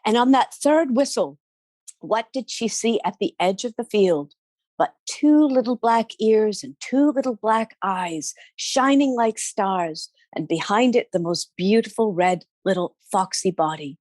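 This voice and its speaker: A woman telling a folk tale, animated, with sound effects and asides to her listeners. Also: medium pitch, unhurried, dry recording. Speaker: storyteller. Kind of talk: oral folk storytelling.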